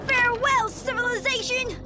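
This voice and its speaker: A woman's voice: very high voice, steady tone, moderate pace. A woman voicing a grumpy, touchy young male rabbit in a cartoon, whiny and dramatic. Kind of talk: cartoon voice acting. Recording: music behind.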